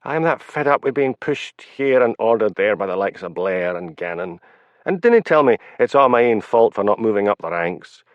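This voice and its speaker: A blunt Highland sergeant with a Scottish lilt, played by a man reading the book, low in tone and lively in his phrasing. He talks in a dry, sarcastic way. The sound is dry and a little dull, like an old audiobook file. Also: normal speed, dry recording, lightly acted. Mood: frustrated. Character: Highland police sergeant, wry and stubborn.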